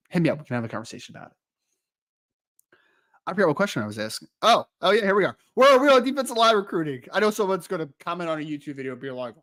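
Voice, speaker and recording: A young man co-hosting a live-streamed podcast, chatting casually, rambling and joking, and easily sidetracked. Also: a little high. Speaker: podcast co-host.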